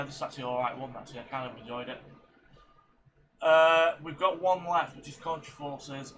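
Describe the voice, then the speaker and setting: A man's voice: on the high side, fairly bright tone, a little hiss or hum, rough recording. A tired, middle-aged man hosting a reaction video, chatting casually in a rambling way with many fillers. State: tired and yawning.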